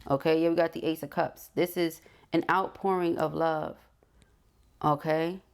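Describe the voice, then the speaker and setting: Low, gravelly-voiced woman reading tarot. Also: fairly even intonation, normal speed, darkish tone. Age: adult. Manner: frequent "okay?" check-ins, affirming. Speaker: tarot reader.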